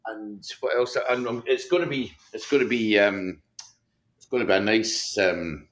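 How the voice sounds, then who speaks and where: A man's voice: lowish voice, moderate pace, fairly bright tone. A Scottish man chatting on a video call as a guest, hesitant with many ums and restarts. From Scotland. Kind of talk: casual video call chat.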